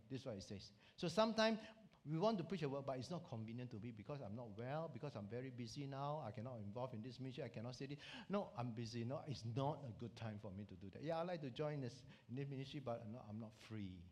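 A man's voice: medium pitch, a little mellow. A man from Singapore with a Singaporean English accent, preaching a sermon and telling stories animatedly with local slang. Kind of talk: sermon with Bible teaching.

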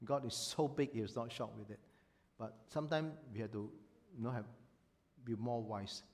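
Animated pastor, man. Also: medium pitch, normal speed. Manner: animated, emphatic, acts out quoted voices. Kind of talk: sermon.

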